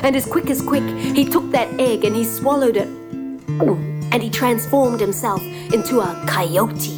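A woman's voice: on the high side, measured pace, low-quality recording. A woman telling a folk tale aloud, dramatic and rhythmic, dropping into whispers at tense moments, with guitar music behind. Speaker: storyteller. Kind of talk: oral storytelling.

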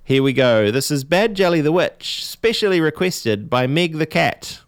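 A man's voice: a little high, animated, normal speed. A man hosting a radio show, chatting casually with a caller and using many fillers. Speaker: radio host.

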